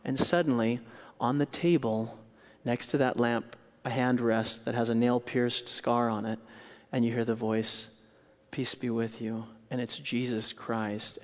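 A man delivering a sermon in a church, acting out the scene he describes. He moves from hushed, quiet passages to sudden loud bursts. His voice has a middle pitch and carries a long hall reverb. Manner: animated storytelling, acts out scenes with loud outbursts and hushed quotes. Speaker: pastor.

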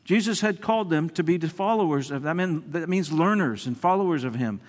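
A male pastor preaching a sermon with animated delivery, restarting words and swinging between loud emphasis and quiet lines. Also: a little high, a little fast, big-room sound.

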